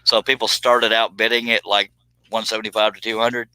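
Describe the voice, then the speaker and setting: Man, low voice, very bright and sharp tone, dry close sound, joking, self-deprecating, live-stream host. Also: level tone, a little fast, clear, resonant tone, no echo. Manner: talks while working on a cut. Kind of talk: casual live-stream chat.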